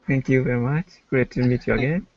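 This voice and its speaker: A man's voice: medium pitch, fairly even intonation, brisk, a little mellow, dry recording, dull audio. A male student in an online English class, answering in polite, formal phrases.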